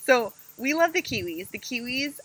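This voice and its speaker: A woman co-hosting a casual travel podcast, telling stories with animated energy and acting out what people said. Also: fairly high pitch, moderate pace, slightly rough, rough recording. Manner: animated storyteller, acts out quotes. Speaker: podcast co-host.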